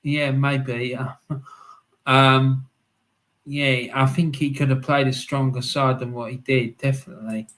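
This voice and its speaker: A man's voice: mid-range voice, flat delivery, a little slow, fairly bright tone. A man hosting a live stream, chatting casually with viewers, laughing often and calling people "mate". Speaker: livestream host reading chat.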